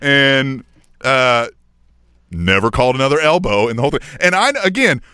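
A man's voice: mid-range voice, moderate pace, clean tone, no room sound, studio quality. A middle-aged man co-hosting a podcast, telling a story in casual chat and tagging "right?" onto his sentences. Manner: animated storytelling, keeps asking "right?". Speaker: podcast co-host.

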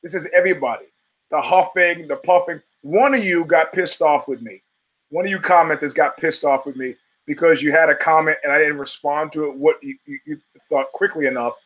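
A man's voice: fairly high pitch, a little fast, a bit bright, low-quality recording. A man hosting a solo podcast, talking in a wry, profane, digressive way with emphatic punches. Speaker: podcast host.

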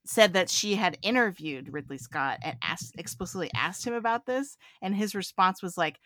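Bright, dry-sounding female podcast host. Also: on the low side, lively intonation, moderate pace, no echo. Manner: chatty, enthusiastic, laughs often. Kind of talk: casual film chat.

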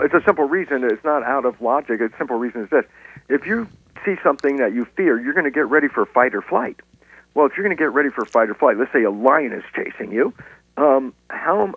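Husky man on a tinny line. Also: mid-range voice, dry recording. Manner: lively lecturing with stories and repeated restarts. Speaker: guest scientist explaining cell biology. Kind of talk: explanatory interview talk. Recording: tinny phone-line sound.

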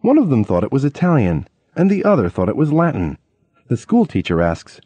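Very animated male audiobook narrator. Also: mid-range voice, fairly quick, dry recording. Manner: lively storytelling with acted-out quotes. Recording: dull lo-fi audiobook recording.

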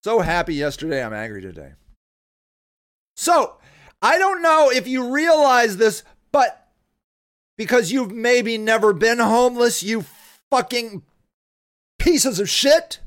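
A high-pitched woman hosts her own podcast, furious and swearing hard. She drags out her words slowly, then breaks into shouts. Her anger runs through the whole rant. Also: very animated. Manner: furious, profane ranting with bursts of shouting. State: angry. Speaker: podcast host.

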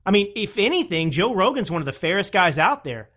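Combative male podcast host, mocking tone, very animated delivery. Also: sits high, a little fast. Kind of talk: opinionated political commentary.

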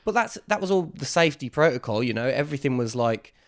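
Animated man telling a story. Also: medium pitch, fast. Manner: animated storytelling with quoted voices. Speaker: guest. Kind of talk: casual interview chat.

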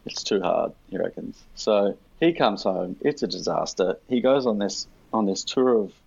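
A man's voice: fairly low pitch, lively intonation, moderate pace, gravelly, a little mellow, breathy edge, dry recording, highs cut off. An Australian man, a podcast guest, telling a story in blunt, profane casual chat.

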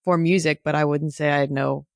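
A woman's voice: deep voice, steady tone, moderate pace, no room sound, studio quality. A woman guest on a podcast, easygoing, chiming in briefly and laughing along. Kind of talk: casual conversation.

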